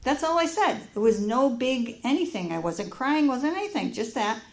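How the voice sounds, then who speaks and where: A woman preaching in a church, telling a personal story with lively acted-out dialogue. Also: sits high, moderate pace. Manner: animated storytelling, acts out dialogue.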